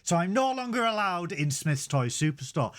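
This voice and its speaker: Lively rambling man. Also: sits high, normal speed. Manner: rambling, stumbling restarts, comic asides. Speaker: podcast co-host. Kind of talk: casual chat.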